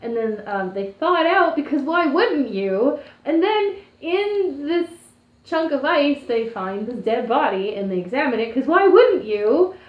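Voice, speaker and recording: A Canadian woman co-hosting a podcast, talking in an animated way with sarcastic asides. Her voice sits a little high. The recording is roomy and a bit dull. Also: unhurried. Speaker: podcast co-host. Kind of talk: casual chat.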